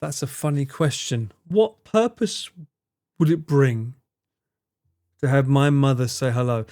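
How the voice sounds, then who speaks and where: A man's voice: mid-range voice, a little slow, a little mellow, dry recording, clean studio sound. A young man streaming live, chatting with his viewers in a teasing, mock-outraged way and swearing freely. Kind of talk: casual live-stream chat.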